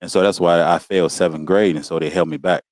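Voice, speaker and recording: A man telling stories about his school days in a relaxed, casual way, often laughing and saying "you know what I'm saying". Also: low-pitched, fast, no room sound. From Walterboro, South Carolina. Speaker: guest. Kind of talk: casual storytelling. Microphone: video call.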